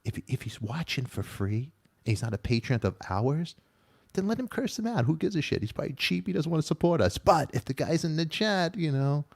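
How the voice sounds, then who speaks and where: A man hosting a casual live-stream talk show, excitable and teasing, often repeating himself. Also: on the high side, fairly quick, creaky.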